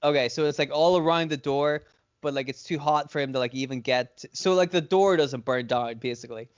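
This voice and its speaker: A man with a smooth, clear voice at a middle pitch, rambling through a story on a podcast with plenty of "like"s and swearing. The recording is dry and a little dull. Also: a little fast, no echo. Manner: rambling, filler-heavy, profane retelling. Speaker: podcast co-host. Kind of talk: casual fantasy-booking storytelling. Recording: dry, slightly dull lo-fi sound.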